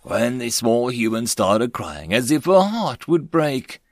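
A male narrator reading a web novel aloud, expressive and animated in his delivery. His voice is mid-pitched with lively swings, recorded close on a dry mic. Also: slow pace, no room sound. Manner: expressive storytelling. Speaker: audiobook narrator. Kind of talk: scripted audiobook narration.

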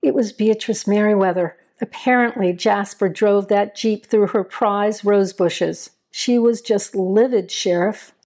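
A brisk, polite woman clerking at a sheriff's office, as a female narrator voices her. She speaks at a mid pitch, a touch lifted, in a storybook reading. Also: a little mellow.

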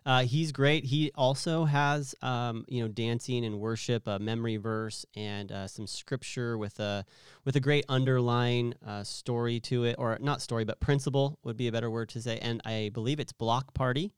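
A man's voice: mid-range voice, steady tone, normal speed, clear, resonant tone, dry recording, clean studio sound. A man who is a pastor, chatting playfully on a church podcast and rambling through explanations. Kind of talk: casual church podcast chat.

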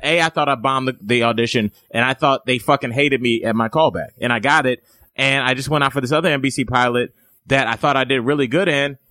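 A man's voice: medium pitch, sharp tone, no room sound. Man, comedian, casual chat, rambling, swears a lot, dead dry room. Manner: rambling storyteller, lots of restarts and swearing.

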